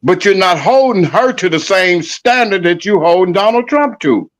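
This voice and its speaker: A man's voice: sits high, lively intonation, moderate pace. A man co-hosting a podcast, arguing his point in a heated casual debate and pressing it again and again. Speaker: podcast co-host.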